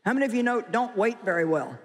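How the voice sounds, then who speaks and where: A woman's voice: on the high side, animated, fast talker, a little hiss or hum. A woman preaching a sermon to a live congregation, emphatic and joking, often quizzing her listeners. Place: large hall with an audience. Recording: long hall reverb with faint crowd.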